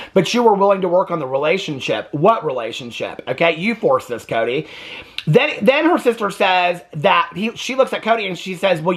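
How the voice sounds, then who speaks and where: High-pitched, fairly bright, and slightly rough, this man's voice carries an exasperated, gossipy rundown of a reality TV episode. He's a TV recap commentator who keeps mimicking the people in it.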